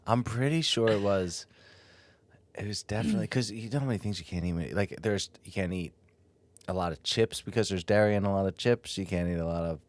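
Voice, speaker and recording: A man co-hosting a podcast, talking casually in a relaxed, somewhat halting way with restarts. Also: lowish voice, no room sound. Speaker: podcast co-host. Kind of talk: casual chat.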